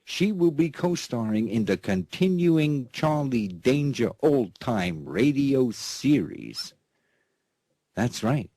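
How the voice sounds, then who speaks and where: A man's voice: mid-range voice, sing-song, slow, dark tone, no room sound. A man hosting his own radio show in a rambling, playful monologue, forever checking in with his listeners and introducing things with showman flair. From United States. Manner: rambling, constantly checking in with "okay?" and "that's right". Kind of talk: casual talk-radio monologue.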